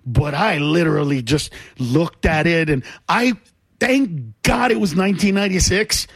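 A man, a comedian and guest on a radio show, telling a story in an excitable way that breaks into shouts and laughs, in a radio studio on a studio mic. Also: a little high, normal speed, vocal fry, breathy edge, no room sound.

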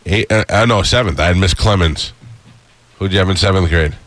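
A man's voice: sits low, a little fast, a bit bright, no echo. A man hosting a radio show, joking and teasing his co-hosts in casual banter.

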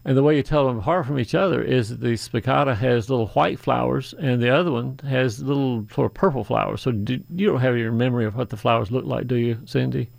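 A man's voice: mid-range voice, fast, vocal fry, hardly any pauses, dry recording. A man hosting a call-in garden radio show, chatting in a folksy, rambling way with asides.

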